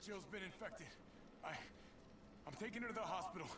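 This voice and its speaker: An actor playing a worried male cop in a video game, taking an infected partner to help, speaking low and strained. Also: fairly quick, lightly acted. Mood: urgent. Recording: game audio under heavy noise. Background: loud game ambience and noise.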